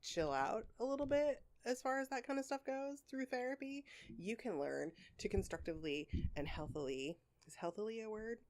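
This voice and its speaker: A woman's voice: a little high, lively intonation, normal speed, darkish tone. A woman co-hosting a podcast in casual chat, talking candidly and at length, swearing freely, with a sore throat. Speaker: podcast co-host.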